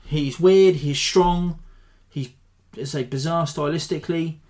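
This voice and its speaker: A man hosting a podcast, giving a rambling, animated breakdown of a fight in a self-deprecating way. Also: fairly high pitch, a little slow. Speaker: podcast host. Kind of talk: casual fight analysis.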